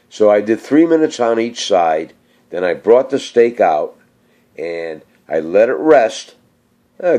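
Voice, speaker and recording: Middle-aged male vlogger, low-pitched, slightly slurred, hesitant, casual chat. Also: a little mellow. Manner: rambling, hesitant, many fillers. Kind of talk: casual cooking chat and viewer shout-outs.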